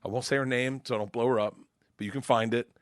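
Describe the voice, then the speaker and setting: A male comedian guest telling a profane, animated story on a podcast, laughing as he goes. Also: mid-range voice, fast talker, clean tone, no room sound, studio quality.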